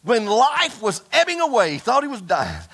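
A man preaching a fiery sermon to his congregation, folksy and animated, calling out for amens. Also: very high voice, normal speed, husky. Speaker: pastor. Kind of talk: impassioned Pentecostal-style sermon. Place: church service before a congregation.

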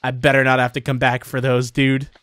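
A young man hosting a horror game let's-play, chatty and excitable with jumpy reactions. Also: mid-range voice, a little fast, clear, resonant tone, dry recording, clean studio sound. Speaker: gaming channel host.

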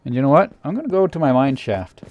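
A man narrating a scary game playthrough in a theatrical way, dropping to a hush and then shouting in panic. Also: medium pitch, very animated, quick pace, highs cut off, faint music behind. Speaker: let's player. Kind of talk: acted creepypasta gameplay narration.

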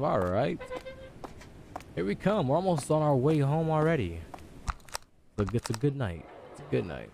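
Animated young man joking through a horror game. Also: mid-range voice, normal speed, creaky, long pauses, a little hiss or hum. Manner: jokey, reacting aloud and talking to game characters. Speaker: gaming YouTuber. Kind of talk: horror game let's-play commentary.

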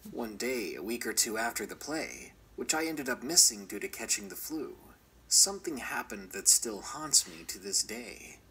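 A man reading a first-person horror story aloud as scripted narration, measured and often dropping to a whisper. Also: medium pitch, bright, forceful tone, a little hiss or hum, poor audio.

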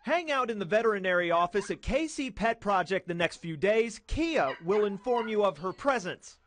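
A man's voice: high-pitched, lively intonation, normal speed, noisy background. A man doing a live field report for local TV news, in a conversational reporter tone. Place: outdoors at an animal shelter.

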